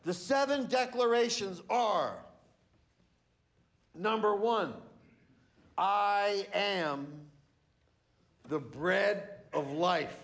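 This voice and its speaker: A male pastor delivering a sermon in a high voice. He talks slowly and deliberately. He stresses single words to drive each point home. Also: fairly bright tone. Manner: emphatic, teaching with pauses and stresses.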